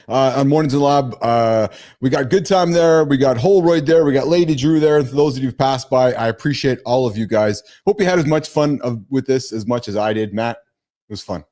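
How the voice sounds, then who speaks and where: A man hosting a casual live stream who talks excitably and repeats himself. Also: fairly high pitch, quick pace.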